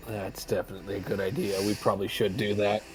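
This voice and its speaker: A man with a lowish voice plays a tabletop game, giving casual, agreeable replies. Faint music plays behind him. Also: flat delivery, fast, low-quality recording. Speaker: player. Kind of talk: tabletop game role-play.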